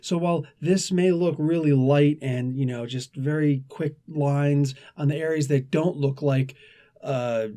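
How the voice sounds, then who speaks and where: Chatty man with a mellow voice. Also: a little high, steady tone, measured pace. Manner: chatty and rambling, frequent restarts and asides. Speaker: comic book reviewer, show host. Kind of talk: casual spoken review.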